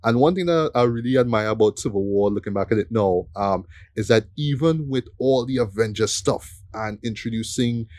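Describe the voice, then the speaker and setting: A man's voice: mid-range voice, normal speed, a little mellow, no echo. A man hosting a casual film review podcast, rambling with many fillers and "right?" tag questions. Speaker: podcast host.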